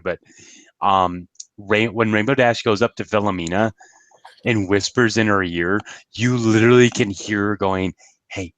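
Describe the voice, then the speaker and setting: A man's voice: on the low side, fairly bright tone, no echo. A man co-hosting a cartoon review show, chatting in an offhand, joking way. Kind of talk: casual review chat.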